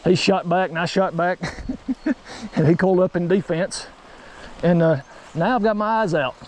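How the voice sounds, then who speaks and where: A young man, vlogging casually and excitably while fly fishing by a mountain creek. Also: sits high, normal speed. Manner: excitable, folksy exclamations. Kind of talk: casual outdoor vlog narration.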